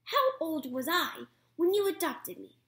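A shrill, anxious young male goose, put on by a woman reading a storybook aloud. The voice rides high and keeps jumping about with excitement. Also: a little slow, echoey room, exaggerated voice. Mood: wary.

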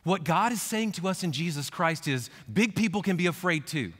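A man's voice: sits high, expressive, moderate pace. Man preaching a sermon in a reverberant church. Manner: conversational preaching, swings from hushed to fervent. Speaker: pastor. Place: church sanctuary.

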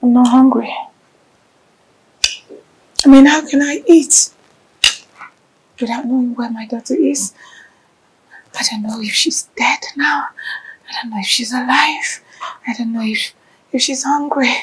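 An actress playing a grieving mother of a missing daughter, speaking slowly in a breathy, tearful whisper. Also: high-pitched, steady tone, mellow, low-quality recording. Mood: anguished. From Nigeria. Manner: tearful, slow, despairing. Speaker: actress in a film. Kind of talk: film drama acting.

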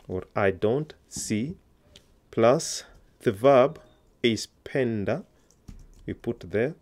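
A man teaching a Swahili lesson online, explaining grammar step by step and encouraging learners to repeat after him. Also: medium pitch.

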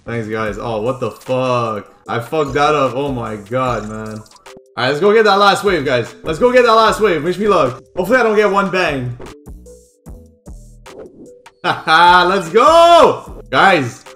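A young man streaming a game live, excitable and swearing, swinging from loud cheers to annoyed muttering. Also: mid-range voice, normal speed, faint music behind. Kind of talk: live gameplay commentary.

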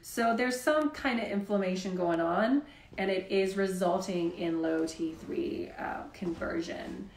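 A woman's voice: medium pitch, unhurried, echoey room, slight background noise. A woman hosting a live health Q&A, talking in a casual, chatty way with lots of "like". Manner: chatty, says "like" often. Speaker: health show host.

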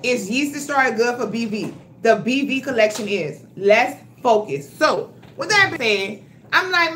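A woman, telling her story to viewers in a casual, profane, animated way on a phone livestream. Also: high-pitched, unhurried, slight background noise. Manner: blunt, profane and animated, talking straight to viewers. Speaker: health vlogger. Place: at home.

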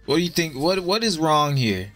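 A young man streaming and chatting with his viewers in a blunt, profane way, giving quick verdicts with plenty of casual swearing. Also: on the high side, sing-song, a bit bright, faint music behind. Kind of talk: casual live-stream commentary.

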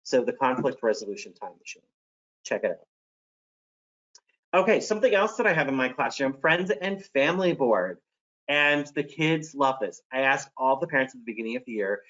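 A man's voice: medium pitch, animated, normal speed, a bit bright, dull audio. A man who is a teacher presents classroom strategies in a friendly, practical way and demonstrates examples by acting them out.

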